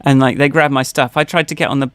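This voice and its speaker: A man's voice: mid-range voice, steady tone, fast, smooth, no room sound. A man co-hosting a podcast, telling personal stories in casual chat, rambling with many fillers and restarts. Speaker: podcast co-host.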